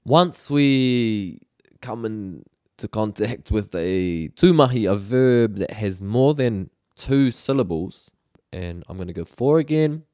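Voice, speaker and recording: A man talks through a language lesson in a casual, patient way, often pausing on fillers and repeating himself as he explains. His voice sits very low. The recording is close and dry, with no room sound. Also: lively intonation, warm tone, dry recording. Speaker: language teacher.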